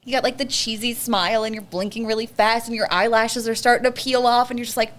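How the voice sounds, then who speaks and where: Young adult woman, podcast co-host; slightly high voice, dramatic and expressive. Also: quick pace. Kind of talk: casual chat.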